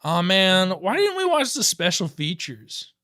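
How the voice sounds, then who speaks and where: A man co-hosting a podcast, excitedly retelling a movie in casual chat, laughing often. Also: sits high, unhurried. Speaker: podcast co-host. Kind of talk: casual film review chat.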